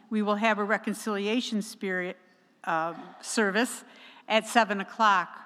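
A woman preaching a sermon in a church, slow and emphatic, with measured pauses. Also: mid-range voice, fairly bright tone. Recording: long church reverb.

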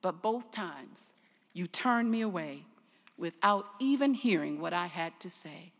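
A woman voicing God in a parable, speaking softly, low and measured. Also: expressive, vocal fry, in a large hall, full character voice. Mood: gentle. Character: God speaking gently in a dream.

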